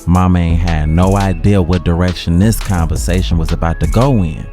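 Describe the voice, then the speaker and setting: A man with a Chicago accent narrating a dramatic story in a slangy, casual way with dramatic pauses. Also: deep voice, dark tone, soft background music.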